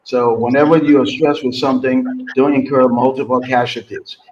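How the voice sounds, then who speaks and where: A man on a talk show giving encouraging, proverb-like advice at a steady, ordinary pitch. His audio comes through dull and lo-fi, as if over a remote connection. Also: moderate pace, a little hiss or hum. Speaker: regular guest commentator. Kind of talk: casual talk show chat.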